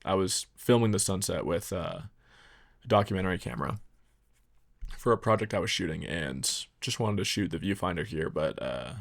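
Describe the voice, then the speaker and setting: Low gravelly young man vlogging. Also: normal speed. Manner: relaxed, self-deprecating, rambling with fillers. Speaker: photography vlogger. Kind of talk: casual vlog narration.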